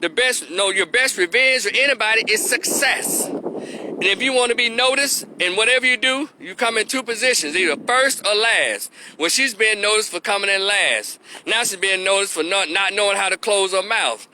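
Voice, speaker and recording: Man, Southern US accent, high-pitched, cutting bright tone, preachy opinion vlogger. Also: moderate pace, a little hiss or hum, low-quality recording. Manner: preachy and emphatic, hammering points home. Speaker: opinion commentator. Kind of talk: opinion commentary vlog.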